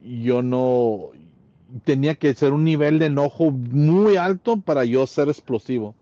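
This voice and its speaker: A man's voice: mid-range voice, normal speed, mellow, dry recording, highs cut off. A man co-hosting a podcast in casual conversation, speaking hesitantly with many fillers and repeated words. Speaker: podcast co-host.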